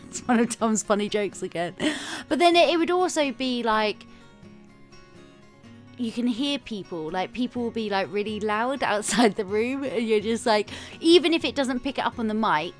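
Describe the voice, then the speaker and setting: Woman, casual co-host chatter, bit high-pitched, faint background music. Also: animated, moderate pace. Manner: chatty, laughs often, acts out little quotes. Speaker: YouTuber co-host. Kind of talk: casual chat.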